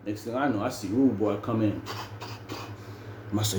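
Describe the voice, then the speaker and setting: A man's voice: lowish voice, normal speed, long pauses, darkish tone. A man telling a story casually and animatedly, with heavy slang and frequent "bro" and "man". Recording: roomy room with faint ambient noise.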